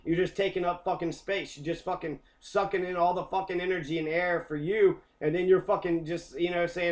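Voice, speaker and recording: A man's voice: sits high, steady tone, fairly quick, hardly any pauses. A man teaching a history lesson as an angry, profane rant, swearing constantly.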